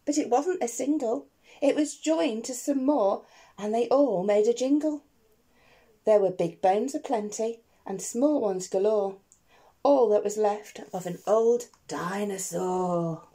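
A woman teacher reading a rhyming picture book aloud to children, expressive and playful, asking the listeners questions. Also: a little high, slow.

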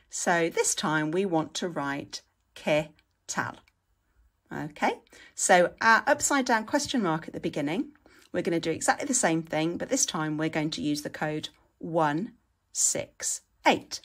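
A woman's voice: sits low, lively intonation, a little slow. A woman, teaching patiently and step by step in a screen-share tutorial. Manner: patient, step-by-step, frequent "okay".

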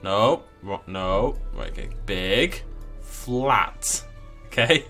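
A man's voice: lowish voice, lively intonation, drawn-out words, sharp tone, faint music behind. A man giving casual let's play commentary in a playful, jokey, mock-dramatic way. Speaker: gameplay commentator.

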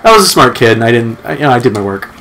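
A man's voice: medium pitch, big pitch swings, very fast, bright, forceful tone. Young man telling a rambling story. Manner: rambling storyteller, swears freely, many restarts. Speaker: podcast co-host. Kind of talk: casual chat.

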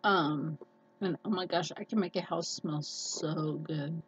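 Slow-talking woman with a scratchy nasal voice. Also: low-pitched. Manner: rambling, chatty, many fillers and restarts. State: scratchy, slightly hoarse voice. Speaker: cooking vlogger. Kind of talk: casual cooking chat.

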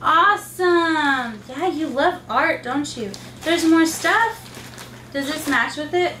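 A woman's voice: sits high, lively intonation, slow, pushed and bright, a little hiss or hum. A woman, a mother and channel host, chatting through a casual unboxing and talking sing-song baby talk to her little kids. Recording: echoey room, mic far off, faint ambience.

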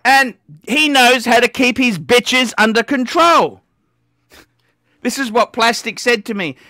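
A man hosting a live stream, ranting and swearing at callers, bursting into shouts. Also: very high-pitched, unhurried, no echo, studio quality. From Australia. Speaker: livestream host.

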